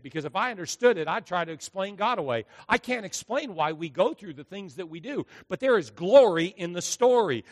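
A male pastor preaching a sermon in a church, emphatic, swinging between loud and hushed. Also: high voice, long reverb tail. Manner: emphatic preaching with dramatic acted quotes and big volume swings. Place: church sanctuary.

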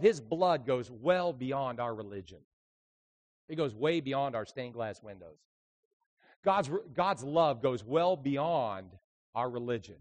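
A man, a traveling evangelist, preaching a sermon full of lively stories, dropping to quiet asides and then rising into loud, emphatic bursts. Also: on the high side. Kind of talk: sermon with storytelling.

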